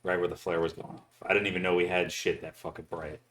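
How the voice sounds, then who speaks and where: A man's voice: sits low, quick pace, slight background noise. A man chatting casually on a podcast, telling stories with plenty of swearing. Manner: profane, animated storyteller. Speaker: podcast co-host. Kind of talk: casual chat.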